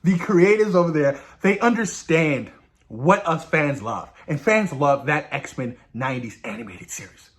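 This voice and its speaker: A young man hosting a movie review channel, gushing excitedly about spoilers and swearing often. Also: fairly high pitch, a little slow.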